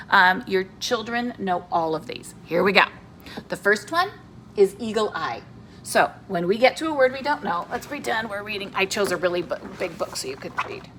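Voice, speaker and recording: A woman teacher giving a video reading lesson to young children and their parents, in an animated, sing-song voice with playful character voices. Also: mid-range voice, a little hiss or hum.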